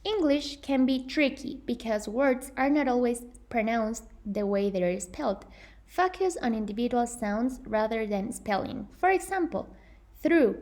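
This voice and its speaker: In a voice that is on the high side and a little mellow, an earnest young woman walks through a scripted English pronunciation lesson. She is careful and often corrects herself mid-stream.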